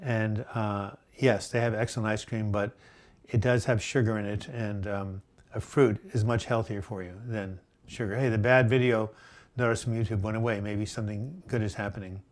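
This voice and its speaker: A man's voice: lowish voice, fairly even intonation, normal speed. Man hosting a live viewer Q&A. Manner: chatty, reads viewer comments aloud and answers them; frequent fillers and restarts, gentle advice. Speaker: host answering viewer questions. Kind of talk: live chat Q&A.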